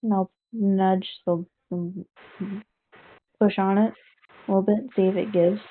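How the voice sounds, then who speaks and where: A woman playing in a tabletop game speaks slowly and unhurriedly, of middle pitch. She hesitates and restarts her sentences as she decides what her character does. Her voice comes over a thin, phone-like call line. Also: fairly even intonation. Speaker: player. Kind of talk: casual tabletop play. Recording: tinny online call audio.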